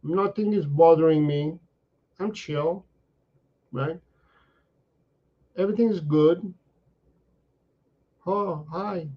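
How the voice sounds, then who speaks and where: Guy doing a laid-back happy dog voice, a bit higher, muffled lo-fi sound. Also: slow pace, long pauses, breathy edge. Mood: chill. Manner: easygoing, relaxed drawl.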